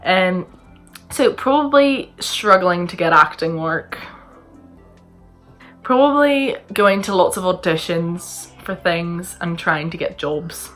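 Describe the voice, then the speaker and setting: A woman's voice: fairly low pitch, fairly bright tone. A young woman with a Northern Irish accent, chatting casually to camera in a rambling, self-deprecating way while she answers viewers' questions. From Northern Ireland. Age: young adult. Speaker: vlogger. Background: faint music from another room.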